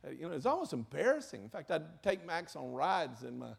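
An older man preaching a sermon in earnest, moving between loud emphasis and hushed, emotional asides. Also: fairly high pitch, sing-song, a little fast, gravelly, slightly rough. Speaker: pastor.

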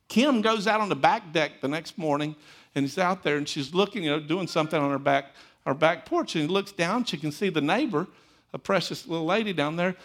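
A male pastor delivering a sermon in a relaxed, storytelling manner. His voice sits a bit higher than most men's, and he talks to the congregation like he's chatting with friends, animated and folksy.

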